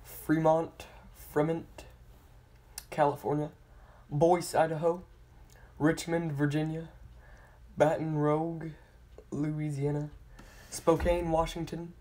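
Slow, careful reader with a flat voice. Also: mid-range voice. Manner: slow and careful, stumbling and retrying hard names; apologetic about pronunciation. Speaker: channel host. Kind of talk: reading out a list of place names.

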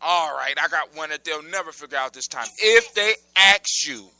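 A man doing a shrill old witch. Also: animated, moderate pace, dry recording, full character voice. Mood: scheming. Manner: shrill and shouting. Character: shrieking old witch in an ugly hat.

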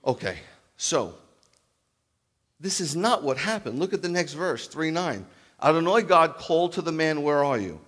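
A man preaching a sermon as a rabbi, animated, acting out loud calls and then dropping to a hushed voice. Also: a little high, a little slow, pauses often. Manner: animated, acts out calls and shouts, then drops to near-whisper. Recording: long hall reverb.

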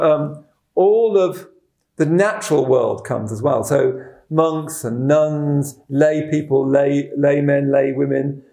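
A middle-aged man, a Buddhist teacher telling a story in a dharma talk, halting and repeating words, chuckling at his own stories. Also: fairly high pitch, mellow. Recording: roomy echoing room.

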